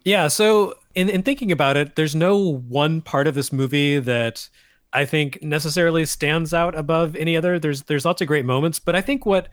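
Male host, slightly high voice, dry close sound, wry tone. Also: moderate pace, dry recording. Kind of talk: casual chat.

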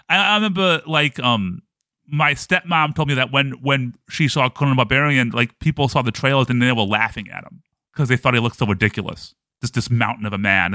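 A man's voice: mid-range voice, sharp tone, no room sound. A man co-hosting a casual movie podcast, chatty and stumbling over his words, often laughing. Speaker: podcast co-host.

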